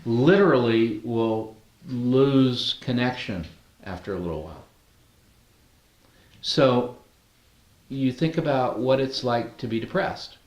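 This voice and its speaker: A man teaches a class of adults in a roomy training hall, his voice carrying with some echo. He speaks at a middle pitch in a relaxed, conversational way and keeps asking the group questions. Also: slow. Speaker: NLP trainer.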